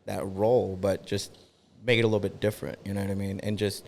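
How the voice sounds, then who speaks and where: A man's voice: on the low side, level tone, quick pace, creaky, a little mellow, a little hiss or hum. A man in his thirties from Oklahoma City, a DJ talking casually as a podcast guest in a laid-back, slangy way with frequent restarts. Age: 30s. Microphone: podcast studio mic.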